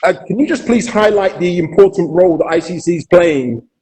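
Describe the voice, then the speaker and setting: A man's voice: sits high, a little fast, a little mellow. A man moderating an online panel over a video call, hesitant and full of fillers.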